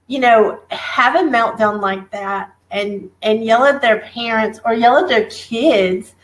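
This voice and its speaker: A woman's voice: a little high, takes it slowly, low-quality recording. A woman interviewing a guest, encouraging and gushing, laughing along as she talks. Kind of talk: warm conversational interview.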